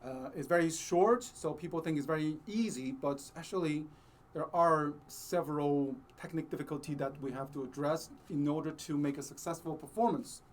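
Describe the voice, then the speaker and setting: A man teaching a cello lesson, explaining slowly and patiently with many pauses, sometimes singing the phrases he means. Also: fairly high pitch, slight background noise. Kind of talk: music lesson with sung demonstrations.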